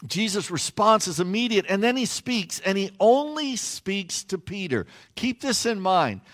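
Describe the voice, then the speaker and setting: Pastor, male, higher voice, lively delivery, playful asides, preaching from a platform. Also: a little slow. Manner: animated storytelling with playful asides. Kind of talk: sermon. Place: on a stage platform.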